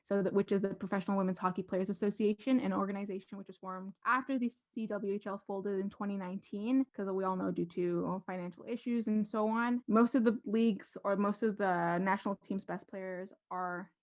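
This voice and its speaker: A woman's voice: mid-range voice, steady tone, a little mellow. Chatty woman podcast co-host, lo-fi. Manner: chatty, reads facts carefully and slowly. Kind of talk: casual sports chat.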